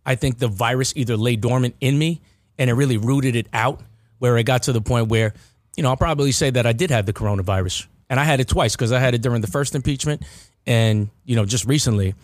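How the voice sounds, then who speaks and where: A man's voice: medium pitch, quick pace, dry recording. A man hosting a casual podcast chat, rambling with restarts and repeated words. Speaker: podcast host.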